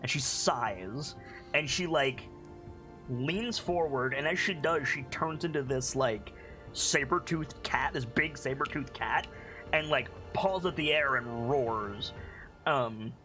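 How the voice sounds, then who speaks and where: A young man narrating a tabletop game as game master, relaxed and full of fillers. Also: medium pitch, slow pace, soft background music. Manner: hesitant, lots of fillers, relaxed.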